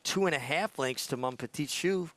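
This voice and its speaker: A man talking through horse racing picks on a broadcast in an animated, halting way, often restarting and repeating words. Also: fairly high pitch. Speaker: racing handicapper.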